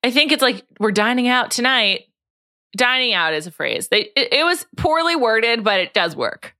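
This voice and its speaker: A woman's voice: a little high, lively intonation, moderate pace, sharp tone, no room sound, clean studio sound. A woman hosting a podcast, chatting casually and laughing easily. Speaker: podcast host. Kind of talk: casual chat.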